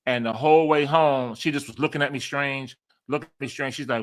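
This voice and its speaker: A man's voice: medium pitch, brisk. A man, telling a story as a podcast guest and acting out the quoted dialogue with laughs. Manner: animated, acts out quoted dialogue, laughs often.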